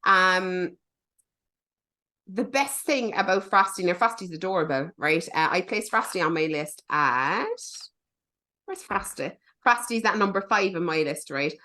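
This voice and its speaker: Woman, podcast co-host, bright tone, chatty and animated. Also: on the low side, unhurried. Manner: chatty, animated, swears for emphasis. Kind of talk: casual movie review chat.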